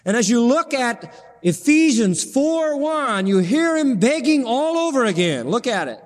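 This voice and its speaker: Man, pastor, sermon, high voice, impassioned pleading, long hall reverb. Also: sing-song, moderate pace. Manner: impassioned, pleading preaching with sudden rises in pitch.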